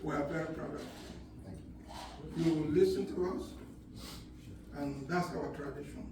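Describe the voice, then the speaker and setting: A man's voice: fairly high pitch, moderate pace. Older father at a wedding, earnest advice; distant, roomy pickup, noise behind. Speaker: father giving a wedding speech. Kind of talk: wedding speech. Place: wedding reception hall. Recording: echoey hall from far off, background noise.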